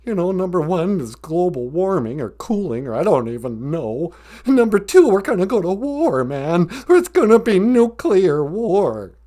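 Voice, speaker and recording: A man's voice: sits high, big pitch swings, a little slow, dark tone, pitched above the performer's own voice. A man voicing a jittery, very old male lion who frets and whines, tacking "man" onto his lines. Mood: panicky. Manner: frantic, whiny, keeps saying "man". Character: jittery ancient male lion, panicky worrier.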